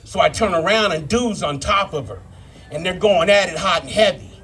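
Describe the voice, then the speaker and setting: A man's voice: sits high, moderate pace, fairly bright tone, slight background noise. A man in his fifties doing a live stand-up set, telling profane stories and working the crowd. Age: 50s. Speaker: stand-up comedian. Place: live brew pub comedy show.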